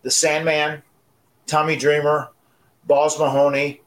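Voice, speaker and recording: Animated man telling a story. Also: fairly high pitch, takes it slowly, slight background noise, poor audio. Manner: animated, stammers on repeated words. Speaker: wrestler and podcast co-host. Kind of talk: casual storytelling.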